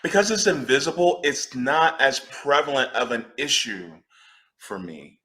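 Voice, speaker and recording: Animated man, bright voice. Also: medium pitch, unhurried. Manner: animated, emphatic, swears when riled. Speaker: panelist. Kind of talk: panel discussion.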